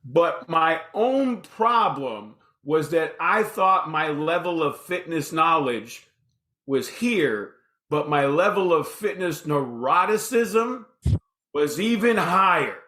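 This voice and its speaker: A man in his fifties, a podcast guest telling his story in a casual, animated way and acting out the dialogue. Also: on the high side, slow pace. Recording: roomy echoey room.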